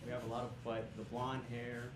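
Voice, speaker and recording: A male stand-up comedian doing a loose, conversational set on a comedy club stage, chuckling and breaking into shouted bursts at the crowd. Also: medium pitch, monotone, brisk. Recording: echoey club room with crowd noise.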